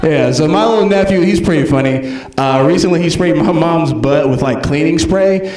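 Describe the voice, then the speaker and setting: A man performing a stand-up comedy set, telling animated stories and acting out the people in them. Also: a little high, normal speed. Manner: animated storytelling, acts out characters. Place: comedy club stage. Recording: echoey club from far off.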